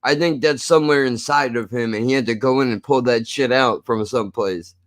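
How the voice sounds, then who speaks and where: A man's voice: medium pitch, fairly quick. A man with a New Jersey accent rambling and swearing freely while he co-hosts a casual film review chat. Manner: rambling, profane, laughs often. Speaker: film podcast co-host.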